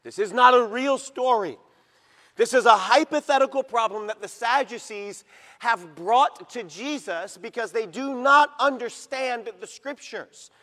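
A middle-aged male pastor preaching a sermon in a church, emphatic and rising to loud peaks as he reads scripture. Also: extremely high pitch, measured pace, long reverb tail. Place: church sanctuary.

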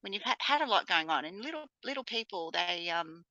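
A woman, co-hosting a casual chat and telling lively stories with acted-out voices and laughter. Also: lowish voice, a little fast, no room sound, muffled recording. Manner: animated storyteller, acts out voices with laughs. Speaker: podcast co-host.

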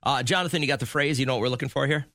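A man hosting a morning radio show, joking quickly with callers and his co-host. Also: medium pitch, sharp tone, no echo, studio quality. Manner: quick, joking, rolls along.

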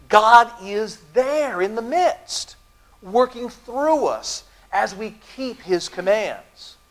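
A middle-aged male pastor preaching to his congregation in a church. His voice sits high for a man and swings widely in pitch, rising and falling with emphasis as he tells stories and puts questions to the room. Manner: lively storytelling with audience asides. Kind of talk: sermon. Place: church sanctuary.

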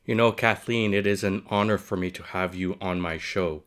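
A man's voice: low-pitched, steady tone, normal speed, hardly any pauses, fairly bright tone. A man hosting a podcast, explaining his points methodically through lists and repetition. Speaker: podcast host.

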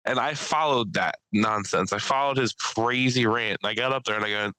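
A man telling rambling, profane stories in a loose podcast chat, often laughing at his own tales. His voice is bright and forceful, smooth and crisp, recorded dry and close. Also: on the low side, moderate pace, no echo, low-quality recording. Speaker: podcast host and stand-up comedian. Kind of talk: casual storytelling chat.

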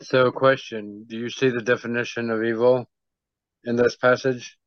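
A man in a study group asking slow, probing questions about a passage. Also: medium pitch, flat delivery, no room sound. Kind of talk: discussion questions. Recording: dull, lo-fi dry recording, speaking from a distance.

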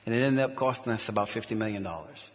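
Brief: male pastor, lowish voice, earnest sermon storytelling, echoey church hall. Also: animated, fast talker. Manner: earnest storytelling with frequent restarts.

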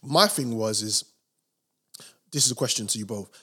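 A man co-hosting a podcast, in lively, jokey casual chat. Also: medium pitch, normal speed, husky. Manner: lively, jokey, questioning, many fillers like yeah. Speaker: podcast co-host.

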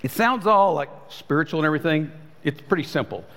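A pastor preaching a sermon in a conversational way, his voice swinging between high and low. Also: animated, fairly quick, fairly bright tone. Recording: long hall reverb.

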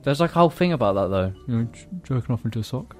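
Male podcast co-host, deadpan and blunt, animated pitch. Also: rapid-fire, faint music behind. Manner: blunt, deadpan one-liners. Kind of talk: casual banter.

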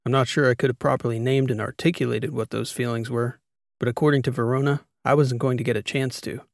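A man's voice: mid-range voice, fairly even intonation, fast talker, gravelly, no room sound, studio quality. A man narrating a first-person sci-fi audiobook in a wry, conversational storytelling manner.

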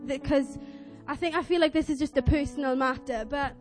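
A young woman preaching a sermon, telling a story in a chatty, earnest, animated way and acting out voices. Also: high voice, brisk, soft background music. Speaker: lay preacher.

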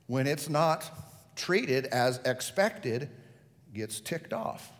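A man's voice: mid-range voice, very animated, drawn-out words, in a large hall. A male pastor preaching a sermon, telling the story vividly and putting questions to the congregation.

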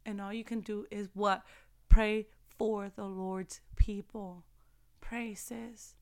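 A woman's voice: mid-range voice, flat delivery, slow pace, a little mellow, clean tone. A young woman giving a passionate faith-based motivational talk, preaching and repeating phrases for emphasis. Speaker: faith vlogger.

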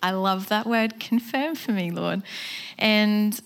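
A woman's voice: mid-range voice, steady tone, slow, creaky, clear, resonant tone. A woman shares her testimony from the front of a church gathering, in an earnest and conversational tone. Her voice sits in a middle range, and she jumps into livelier voices when she quotes others. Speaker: guest speaker. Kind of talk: personal testimony sermon.

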